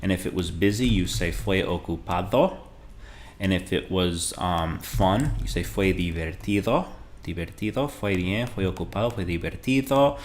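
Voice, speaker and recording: Deep-voiced man teaching a casual lesson. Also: a little hiss or hum. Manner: relaxed and conversational, models Spanish phrases slowly. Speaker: Spanish teacher.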